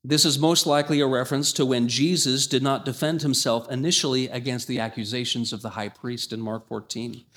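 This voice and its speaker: A man preaching a sermon, emphatic, rising in pitch and volume when he reads scripture. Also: fairly even intonation, a little fast, few pauses, fairly bright tone.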